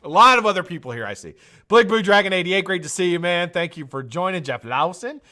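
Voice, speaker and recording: A man's voice: high voice, a little fast. A man from the United States hosting a live stream, greeting viewers by name in a loose, chatty way and drifting into tangents. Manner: lively, chatty, jumps between shout-outs and tangents. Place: home studio.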